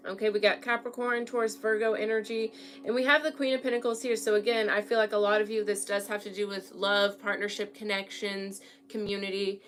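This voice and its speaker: A woman's voice: mid-range voice, level tone, fairly quick, fairly bright tone, faint music behind. A young woman giving a casual tarot reading at home, chatty and frank, often checking in with her listeners. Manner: chatty, keeps checking in with "okay?". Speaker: tarot reader. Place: home room with an altar.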